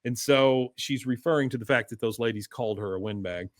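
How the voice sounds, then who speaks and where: A man's voice: mid-range voice, fairly quick, no echo, clean studio sound. A man co-hosting a podcast, casually recapping an episode and acting out the characters' lines in raised voices. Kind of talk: casual chat, retelling scenes.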